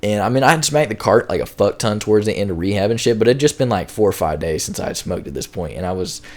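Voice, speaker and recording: Low-voiced young man rambling a story. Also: expressive, quick pace. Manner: rambling and slangy, heavy on filler words. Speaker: storytime YouTuber. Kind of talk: casual storytelling.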